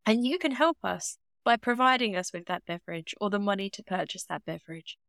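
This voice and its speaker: Blunt, clear-voiced British woman. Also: medium pitch, expressive, a little fast, a bit bright, dry recording. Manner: blunt, swears, dry humour. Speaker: podcast co-host. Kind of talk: casual chat.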